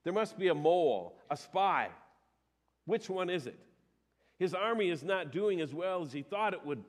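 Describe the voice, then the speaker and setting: A man's voice: sits high, lively intonation, moderate pace. A male pastor giving a sermon. He talks in a conversational way, with emphatic rises and some hesitations.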